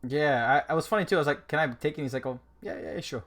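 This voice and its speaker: Easygoing man co-host, casual stream chat, quiet trailing phrase ends. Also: on the high side, fast talker.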